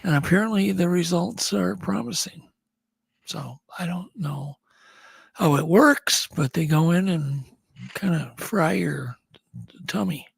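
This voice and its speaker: A man's voice: sits high, slow pace, gravelly, breathy edge, dry recording. A man co-hosting a podcast, running through news items in a chatty, rambling way with frequent restarts. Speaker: podcast co-host. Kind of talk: casual chat.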